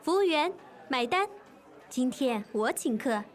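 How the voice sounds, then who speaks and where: A woman's voice: high voice, animated, unhurried, a faint crowd. A woman acting a young diner in a scripted lesson dialogue, politely insisting on paying the bill. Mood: insistent. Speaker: dialogue actor.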